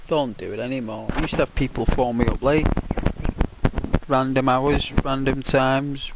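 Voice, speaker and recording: A man with a Liverpool accent, a YouTuber, rambles chattily to viewers while playing a game, forever tacking on "right?" and "you know." His mid-range voice moves at a normal speed with fairly even intonation, and there's background noise behind him.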